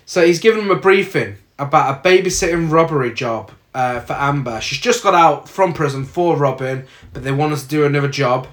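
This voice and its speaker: A man's voice: a little high, brisk, hardly any pauses. Man casually mocking a bad film. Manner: animated, mocking, acts out film lines in silly voices. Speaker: podcast co-host reviewing a film. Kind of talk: casual chat.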